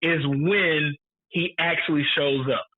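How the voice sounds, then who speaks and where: Podcast co-host, male, high voice, emphatic and profane, phone-thin sound. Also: steady tone, slow, narrow, tinny audio. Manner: emphatic, repeats lines for effect, swears freely. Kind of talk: casual movie review chat.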